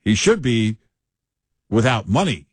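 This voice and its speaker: A man co-hosting a political talk show, making his points forcefully and building them up in lists. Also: medium pitch, big pitch swings, unhurried, slightly rough, no room sound, clean studio sound. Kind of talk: conversational political commentary.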